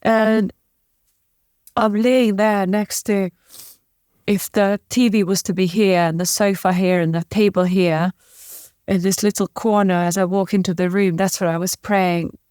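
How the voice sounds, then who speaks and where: A woman's voice: mid-range voice, fairly even intonation, darkish tone, clean tone, dry recording. Tearful woman with a dry close sound. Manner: halting, emotional retelling with many restarts. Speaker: podcast guest. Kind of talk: emotional interview storytelling.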